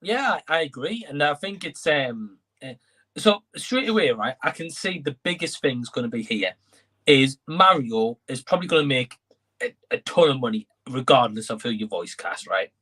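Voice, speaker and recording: A man's voice: mid-range voice, lively intonation, moderate pace, bright, forceful tone. A man co-hosting an entertainment live stream, talking in a conversational way and thinking aloud as he goes. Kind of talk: casual chat.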